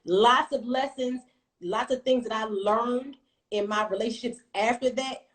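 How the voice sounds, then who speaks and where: A woman in her thirties telling a personal story on a casual livestream, blunt and profane, with animated storytelling. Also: on the high side, a little slow, poor audio. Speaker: livestream host.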